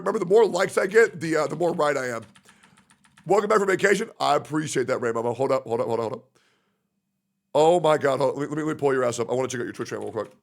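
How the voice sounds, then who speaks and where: A man's voice: a little high, gravelly. A man livestreaming, ranting in a profane, sarcastic way. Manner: profane, sarcastic, acts out mocking impressions. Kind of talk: livestream rant.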